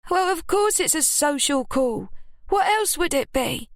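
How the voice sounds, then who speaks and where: A woman's voice: sits high, expressive, a little slow, no echo, clean studio sound, voice pushed up. A woman voicing a hostile, petulant young woman who sneers and speaks with sarcasm. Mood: sneering.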